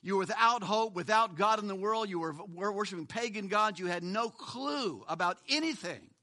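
A man's voice: sits high, moderate pace, pushed and bright. A male pastor preaching a sermon, emphatic and full of rhetorical questions, often repeating a word for stress.

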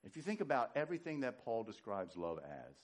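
A man preaching a sermon, animated, swinging from loud emphatic lines to hushed low ones. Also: brisk. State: winded. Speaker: pastor.

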